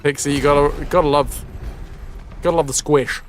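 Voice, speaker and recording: A man's voice: a little high, steady tone, normal speed. A man streaming a game, chatting casually with viewers, reading game text aloud and swearing now and then. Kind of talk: casual gameplay commentary with chat. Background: faint game music.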